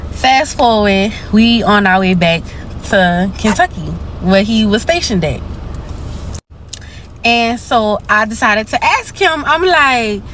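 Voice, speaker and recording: A woman's voice: on the high side, lively intonation, slow pace, fairly bright tone, slight background noise. Blunt woman. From New Orleans, USA. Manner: blunt, casual, slangy. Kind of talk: personal storytime monologue.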